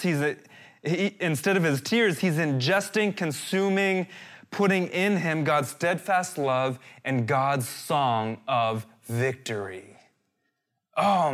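Male pastor, sermon, fairly high voice, animated, talks to the congregation as guys, reads scripture aloud. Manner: animated, keeps addressing listeners as "guys"; reads and dramatizes scripture verses.

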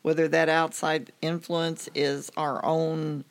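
Co-host with a gravelly voice, thoughtful faith chat. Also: medium pitch, flat delivery, takes it slowly. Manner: affirming, thoughtful. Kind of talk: casual faith podcast chat.

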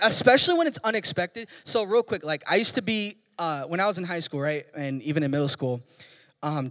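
A young man, a kids pastor, preaching a casual, joking sermon full of slangy stories. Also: sits high. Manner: animated, joking, slangy storytelling. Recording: long hall reverb.

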